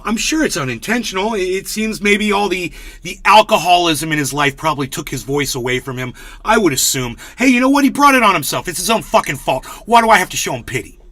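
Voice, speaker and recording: Male streamer, crude sarcastic ranter, bright forceful voice. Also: sits high. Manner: sarcastic, profane, mocking. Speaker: livestream host. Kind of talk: casual ranting commentary.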